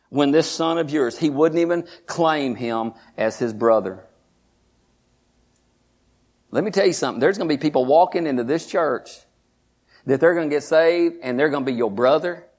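A man preaching a sermon in church, moving from quiet asides to shouted, high-pitched storytelling. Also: normal speed, pauses often. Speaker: pastor.

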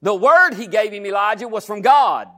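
Preacher guy, pretty high voice, keeps going "huh?" and "listen to me" at the crowd. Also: lively intonation, moderate pace, bright, forceful tone. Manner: preaching with call-and-response asides, repeated "huh?" and "listen". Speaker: pastor. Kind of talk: sermon.

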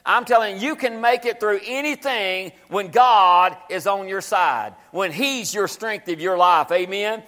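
High-voiced preaching man in echoey hall. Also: unhurried, few pauses, sharp tone. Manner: preaching with call-and-response, repeating scripture lines. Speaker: pastor. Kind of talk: sermon. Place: church sanctuary.

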